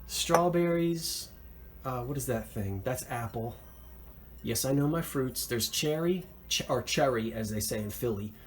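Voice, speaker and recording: A middle-pitched man chats his way through a thrift haul, excited about each piece he found. He rambles and backtracks, with lots of ums and uhs. A faint background hum sits under his voice. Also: measured pace. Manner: rambling, chatty, with frequent fillers and self-corrections; enthusiastic about his finds. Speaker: thrift reseller vlog host. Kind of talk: casual show-and-tell chat.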